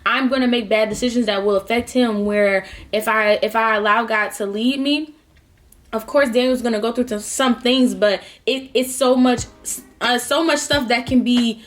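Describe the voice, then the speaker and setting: A woman's voice: on the high side, fairly even intonation, moderate pace. A woman in her twenties talking casually while eating, heartfelt and rambling, with lots of fillers. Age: 20s. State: close to tears at times. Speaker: vlogger. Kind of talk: casual mukbang talk.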